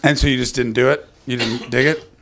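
A North American man hosting a comedy show, with a gravelly vocal fry running through his speech. He rambles through sarcastic, profane banter in a casual, mid-pitched voice. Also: steady tone, fairly quick, fairly bright tone. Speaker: comedy podcast host.

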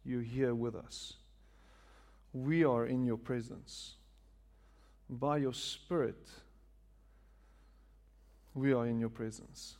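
Gravelly-voiced pastor. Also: male voice, medium pitch, darkish tone. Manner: joking, then prayerful. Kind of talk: sermon with prayer. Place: church before a live congregation.

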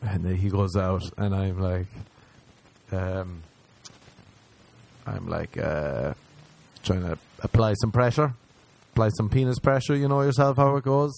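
Male stand-up, lowish voice, crude confessional storyteller who acts out every line. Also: vocal fry, darkish tone. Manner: crude, self-mocking, acts out scenes in quick voices. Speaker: stand-up comedian.

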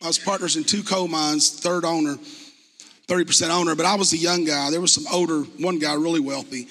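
A man's voice: a little high, fairly even intonation, brisk, a bit bright. A man preaching a sermon as pastor in a church sanctuary, talking in a conversational, impassioned way and asking the congregation rhetorical questions. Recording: long reverb from a church hall.

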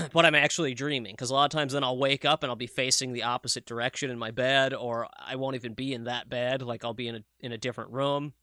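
A man co-hosting a casual podcast, telling animated stories full of swearing and "like". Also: medium pitch, fast, no echo, clean studio sound. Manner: animated storyteller, swears freely, lots of "like". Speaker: podcast co-host. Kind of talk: casual chat.

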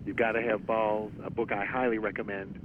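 A man hosting a podcast, asking a guest questions in an earnest, measured way. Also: level tone. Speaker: podcast host. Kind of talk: interview questions. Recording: tinny phone line with rumbling noise.

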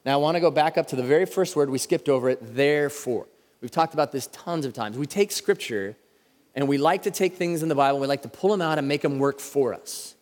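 Casual preacher in a reverberant hall. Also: male voice, on the high side, a little mellow. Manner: conversational, slows down to stress key words. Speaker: pastor. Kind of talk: sermon. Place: church sanctuary.

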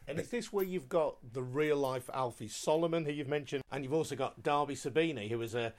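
A man's voice: mid-range voice, brisk. A man interviewing a guest, asking tentative questions with small hesitations. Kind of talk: podcast interview.

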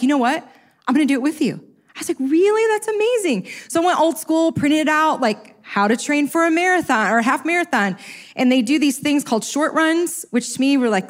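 A woman telling a humorous personal story to a live audience, self-mocking and acting out what people said. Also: sits high. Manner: lively, self-mocking, acts out quotes. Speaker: speaker sharing a personal story.

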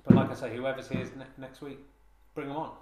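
A man's voice: medium pitch, level tone, a little fast, dark tone. A man hosting a comedy podcast, rambling through a mock-solemn monologue with many hesitations and restarts, recorded on a handheld recorder. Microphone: handheld digital recorder. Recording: roomy, echoey room sound.

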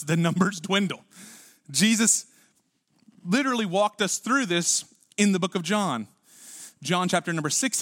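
A man preaching a sermon with a slightly high voice. He talks to the congregation like a friend, with lots of rhetorical questions, and now and then drops to a quiet, almost private tone. The recording is close and dry. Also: no echo. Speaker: pastor.

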